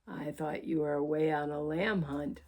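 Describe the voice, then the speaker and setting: A hungry big bad wolf growls out of a storybook, sly under his sheep disguise, as a woman reading aloud puts him on. The voice sits well below her own and stays low and growly throughout. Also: steady tone, moderate pace, a little mellow. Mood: growling, sly.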